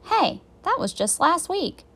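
A woman's voice: very high-pitched, big pitch swings, measured pace, fairly bright tone, pitched above the performer's own voice, exaggerated voice. A woman voicing a cautious, sensible young boy in a storybook read-aloud, with a worried, matter-of-fact manner.

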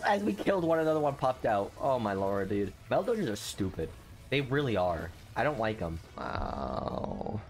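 Excitable man narrating his gameplay. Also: on the low side. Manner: excitable, grumbling then cheering loudly; slangy, swears casually. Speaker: video game channel host. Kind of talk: live gameplay commentary.

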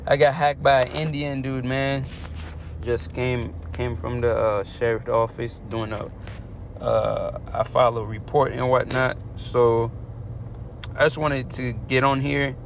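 A young man casually vlogging about his sports bets, slangy and animated, sometimes trailing off into quiet muttering and working through numbers haltingly. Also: medium pitch, creaky, a little hiss or hum. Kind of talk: casual talk to camera.

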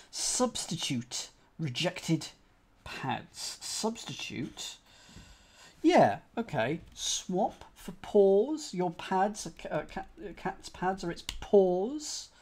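A man's voice: high voice, gravelly, a little mellow. A man solving a cryptic crossword live on stream. He thinks aloud, spells out letters one by one and talks to his chat.

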